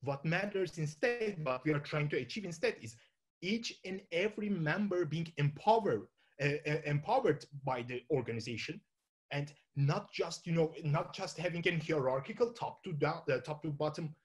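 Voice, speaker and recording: A man's voice: a little high, lively intonation, normal speed. A man with a Turkish accent giving an informal talk to an audience, thinking aloud and often restarting his sentences with fillers. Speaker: conference speaker.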